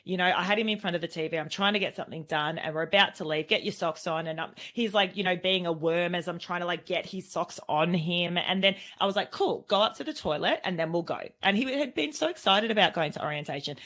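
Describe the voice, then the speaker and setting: An Australian woman in her thirties, co-hosting a parenting podcast and telling a story in a lively, casual way with frequent laughter. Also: on the low side, fast talker, few pauses. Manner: animated storyteller, laughs often. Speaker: podcast co-host. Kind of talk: casual chat.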